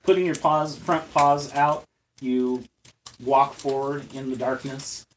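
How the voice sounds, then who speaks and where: A man's voice: mid-range voice, fairly even intonation. A man narrating a tabletop game as game master, correcting himself as he describes the scene. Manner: halting, self-correcting description. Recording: distant mic, faint background noise.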